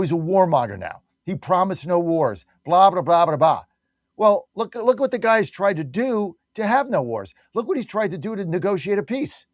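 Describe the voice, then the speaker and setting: A man's voice: high-pitched, no room sound, clean studio sound. A man hosting a talk radio show, delivering an emphatic, combative opinion monologue full of rhetorical questions.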